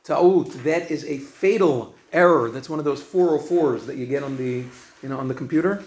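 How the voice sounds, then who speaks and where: A man teaching a class of students, lecturing emphatically on word pronunciation, drawing out words slowly and quizzing the room. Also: medium pitch, echoey room, a crowd in the background. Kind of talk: classroom lecture on Hebrew grammar.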